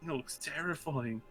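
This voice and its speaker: A man's voice: fairly high pitch, sharp tone, breathy edge. A young man chatting casually as co-host, rambling and laughing, now and then swearing. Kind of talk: casual chat.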